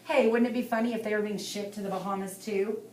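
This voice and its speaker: A woman reading an audiobook as narrator, in a steady, lightly dramatic way. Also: mid-range voice, fast talker. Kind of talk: scripted narration. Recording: echoey room, distant mic, faint hiss.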